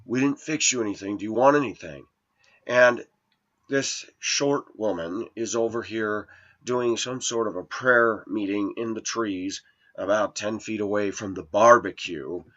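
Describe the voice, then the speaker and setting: A low-voiced man rambles through a grievance-filled personal story. His tone turns aggrieved and complaining as he retells old slights. The recording sounds dull and lo-fi. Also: unhurried, a bit bright. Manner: aggrieved, complaining, voice rising when quoting arguments. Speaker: vlogger telling a personal story. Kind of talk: rambling first-person monologue.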